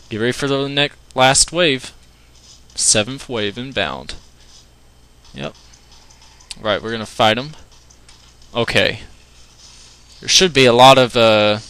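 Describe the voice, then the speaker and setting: A man giving joking, goofy let's play commentary, yelling when the fighting heats up. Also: medium pitch. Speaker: gaming commentator.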